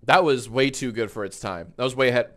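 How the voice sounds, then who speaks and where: A man in his thirties, tipsy from wine, chats casually on a live stream from a home studio with a green screen, rambling, joking and swearing freely. His voice is medium-pitched and fairly bright, and he speaks briskly.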